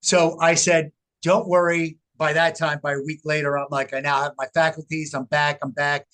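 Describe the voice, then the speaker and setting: A middle-aged man, a researcher, telling his story in an interview with animated, emphatic delivery. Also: fairly high pitch, moderate pace. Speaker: guest, researcher. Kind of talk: casual interview talk.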